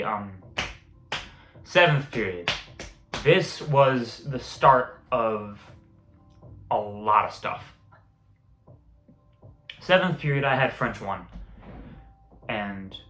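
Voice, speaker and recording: A man's voice: mid-range voice, bright, forceful tone. A young man casually telling school stories, rambling and swearing, laughing at his own tales. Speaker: vlogger. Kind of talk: casual storytelling. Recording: echoey room with faint music.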